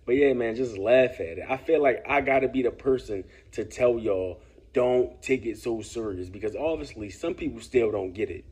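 A man's voice: medium pitch, moderate pace, a little mellow, husky. A man giving casual vlog commentary, laid-back and lecturing, often tossing in "man" and "bruh". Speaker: commentary vlogger.

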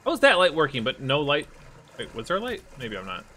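A man's voice: a little high, huge pitch swings, fast, pushed and bright, a little hiss or hum. A young man streaming a horror game, jumpy and swearing, laughing nervously as he plays. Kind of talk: let's play commentary.

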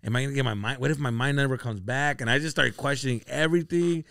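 A man on a comedy podcast telling a story casually, acting out his friends' lines with big jumps in pitch. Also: fast talker, creaky, dry recording, clean studio sound. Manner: animated, acts out quoted friends with sudden jumps in pitch.

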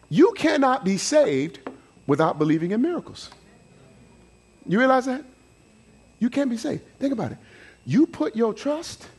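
A man preaching a sermon as pastor, in a folksy, playful manner, swinging between loud shouted lines and quiet asides. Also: very high-pitched, slightly rough. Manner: preaching with rising shouts and dramatic swings of volume; folksy, playful storytelling with acted quotes.

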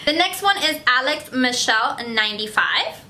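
A woman's voice: sits high, lively intonation, moderate pace, bright, forceful tone, a little hiss or hum. A woman beauty vlogger chatting casually to camera, effusive and gushing, often repeating herself. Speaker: beauty vlogger answering fan questions.

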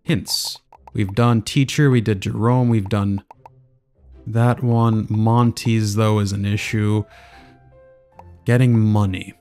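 A man's voice: on the low side, steady tone, takes it slowly, pauses often, darkish tone, faint music behind. A man giving casual let's play commentary, muttering as he thinks aloud. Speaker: gaming video creator.

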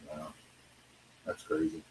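A man's voice: rumbling low, monotone, slow, warm tone, rough recording. A man hosting a live online auction, presenting items in an easygoing, chatty way and quoting movie lines. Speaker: auction host. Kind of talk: casual live auction chat.

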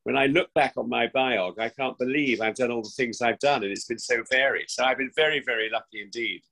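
Creaky and sharp, with a mid-range pitch and a brisk pace, a man in his sixties chats as a remote interview guest from home during lockdown. He is an actor from England's West Country, theatrical and effusive, often restarting, and the recording is rough.

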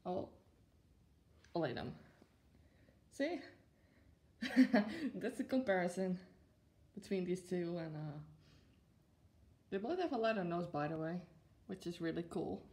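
Young woman vlogger, slow gushy chat full of giggles and ums, mellow voice. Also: on the low side, animated. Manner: gushing, giggly, with many fillers. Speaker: plush collector vlogger. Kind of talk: casual unboxing chat to camera.

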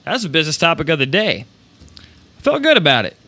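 A man hosting a podcast, giving energetic, rambling motivational talk with casual swearing. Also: fairly high pitch, fast talker, dry recording. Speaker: podcast host.

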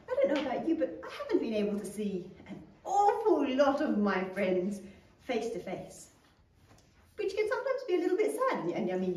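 Lively high-voiced woman teaching children. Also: echoey room, recorded from a distance. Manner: encouraging, playful, talks to children. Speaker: Sunday school teacher. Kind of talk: leading children's Sunday school online.

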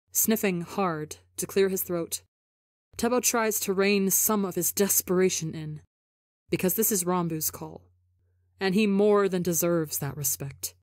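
A woman narrating a fan fiction audiobook in a soft, measured storytelling manner. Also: lowish voice, no echo, studio quality. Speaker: podcast reader.

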